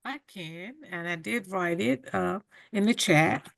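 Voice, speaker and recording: Slow gravelly woman listing words. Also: lowish voice, a bit bright, dry recording, studio quality. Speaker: group participant. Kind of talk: reading a list of words on a video call.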